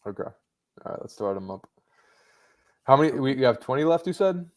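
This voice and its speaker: A man's voice: medium pitch, very animated, moderate pace, a little mellow. A man co-hosting a stream, teasing his partner and reading out silly challenges. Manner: teasing, playful. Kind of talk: casual banter.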